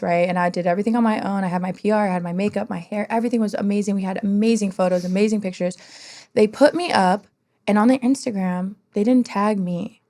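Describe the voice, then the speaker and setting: A woman guest on an interview podcast, telling candid stories in an animated way and swearing freely. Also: mid-range voice. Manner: animated, swears freely, acts out what others said.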